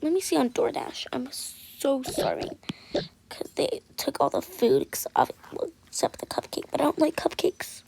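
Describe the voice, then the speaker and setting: A woman's voice: high voice, wildly swooping pitch, moderate pace, vocal fry, exaggerated voice. A woman voicing a tired, grumpy dad stuck at home during a storm, in a whispery, sulky grumble. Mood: bored grumbling. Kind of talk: toy game role-play voicing. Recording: noisy home mic recording.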